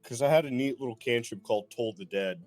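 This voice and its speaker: A man's voice: mid-range voice, fast talker, a little mellow, faint music behind. A man playing a tabletop game, talking casually, thinking aloud and swearing. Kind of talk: casual chat.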